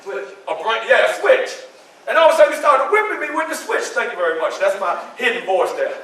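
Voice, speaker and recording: A man's voice: very high voice, sing-song, a little fast, sharp tone, heavily acted. A man performing as Frederick Douglass in a one-man historical storytelling show, dramatically addressing the audience in a library room. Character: Frederick Douglass, man recounting his enslavement. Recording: echoey room from far off.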